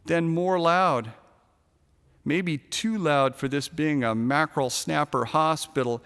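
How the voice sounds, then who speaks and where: Sardonic man reading a story, smooth voice. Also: a little high, slow, long reverb tail. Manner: sardonic, darkly comic storytelling with shouted punchlines. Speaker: narrator reading a short story. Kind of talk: first-person story reading.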